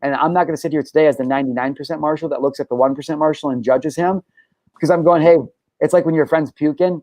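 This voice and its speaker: A man's voice: a little high, steady tone, quick pace, darkish tone, no echo, poor audio. A man hosting a podcast, talking candidly and emphatically, swearing often and restarting his sentences. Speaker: show host.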